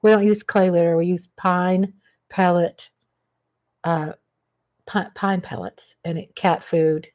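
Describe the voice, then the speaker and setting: A woman's voice: on the low side, steady tone, slow, pauses often, a little mellow, muffled recording. A woman hosting a casual livestream, rambling chattily and greeting viewers by name as she talks. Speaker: livestream host. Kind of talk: casual live-chat monologue.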